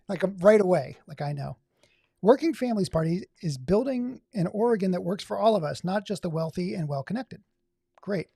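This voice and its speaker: A man's voice: high-pitched, creaky, dark tone, slightly rough, no room sound, clean studio sound. Sarcastic man riffing on a stream. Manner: sarcastic, reads aloud and riffs. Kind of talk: casual livestream commentary.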